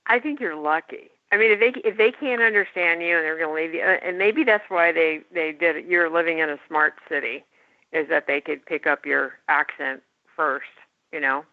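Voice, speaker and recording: A woman's voice: deep voice, normal speed, dry recording. Woman guest on a tinny phone line. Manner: chatty, enthusiastic. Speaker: tech guest. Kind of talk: casual podcast chat.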